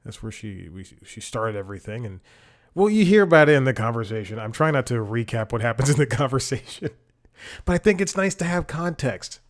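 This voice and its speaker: A man's voice: mid-range voice, big pitch swings, a little fast. Rambling male podcast host. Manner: rambling, self-correcting, chuckling asides. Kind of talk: casual podcast intro.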